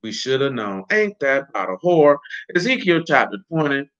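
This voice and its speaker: Animated preacher man, lo-fi sound. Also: medium pitch, moderate pace. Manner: animated, jokey asides and rhetorical questions. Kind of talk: casual street-talk sermon. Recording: dull lo-fi recording.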